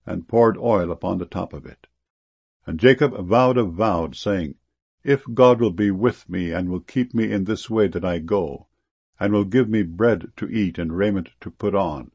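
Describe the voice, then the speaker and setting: A man giving a solemn scripture reading in a measured, even delivery. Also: fairly low pitch, gravelly, husky, dry recording. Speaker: scripture reader.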